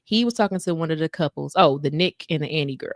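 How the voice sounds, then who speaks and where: Animated storytelling woman, dry close voice. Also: low voice, fast, no room sound. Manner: animated storytelling, acts out voices of people she quotes. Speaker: podcast co-host. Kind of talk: casual chat recapping a reality show.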